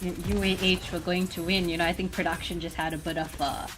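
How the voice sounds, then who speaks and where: A woman casting a live esports match, playful in banter and quick in her play-by-play calls. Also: lowish voice, little pitch movement, a bit bright, soft background music, low-quality recording. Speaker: esports caster.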